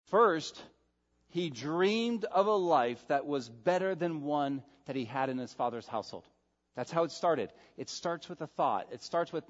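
A male pastor preaching a sermon, emphatic, swinging between loud stresses and soft, quiet asides. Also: a little high, lively intonation, measured pace. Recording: dull sound with long hall reverb.

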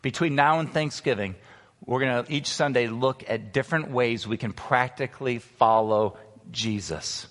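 A man pastor preaching a sermon, emphatic, slowing down to stress key words. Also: mid-range voice, fairly bright tone. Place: church sanctuary. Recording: long reverb of a large hall.

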